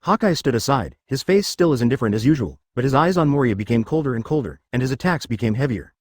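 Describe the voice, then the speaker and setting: A man reading fan fiction aloud as scripted narration, in an even, quick storybook manner. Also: medium pitch, dry recording, clean studio sound.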